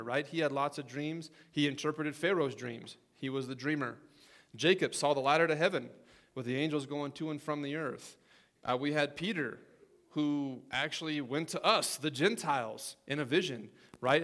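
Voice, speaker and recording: A man's voice: fairly high pitch, fairly bright tone. A man preaching a casual sermon in a chatty way, often checking in with the audience. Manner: conversational, asks okay and right often.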